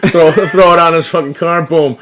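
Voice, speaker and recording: A man's voice: fairly high pitch, steady tone, moderate pace, a bit bright. A man co-hosting a casual podcast, telling a story with lots of swearing and laughter. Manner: profane, laughing, loose storytelling. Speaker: podcast co-host. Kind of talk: casual chat.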